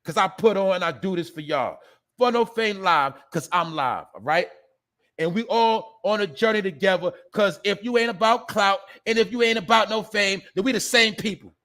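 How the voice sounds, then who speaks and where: A man hosting a casual live stream, talking loosely in street slang and shouting out viewers in the chat. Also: sits high, normal speed.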